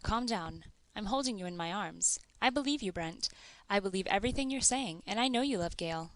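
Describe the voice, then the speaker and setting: A woman voicing a calm, reassuring grown man in an audiobook, read in a flat, even way. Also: medium pitch, a little fast, no echo, close to an everyday voice. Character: calm, comforting adult male friend.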